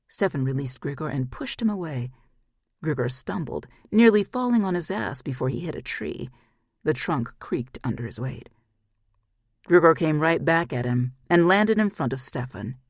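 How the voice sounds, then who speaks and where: A woman's voice: low-pitched, animated, normal speed, husky, no room sound, clean studio sound. A woman narrating a fantasy audiobook in a scripted style, acting out the characters' lines. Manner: acts out each character's lines.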